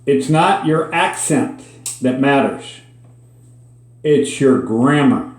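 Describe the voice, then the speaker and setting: A man's voice: mid-range voice, animated, slow. A man with a Minnesota accent, teaching a daily Spanish word in a chatty, folksy way with dry asides. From Minnesota, USA. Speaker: host teaching Spanish words. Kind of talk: casual spoken lesson. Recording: echoey room.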